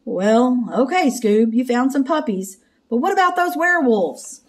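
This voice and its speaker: A woman's voice: high-pitched, lively intonation, unhurried, pitched above the performer's own voice. A woman doing a jittery, cowardly young guy. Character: lanky cowardly young man, always hungry. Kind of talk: storybook read-aloud.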